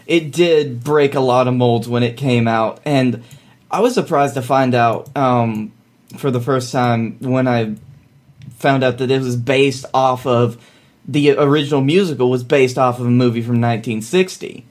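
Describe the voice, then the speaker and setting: A man's voice: mid-range voice, unhurried, darkish tone. Man hosting a casual theater podcast. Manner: hesitant, many fillers, enthusiastic about musicals. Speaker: podcast co-host. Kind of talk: casual chat.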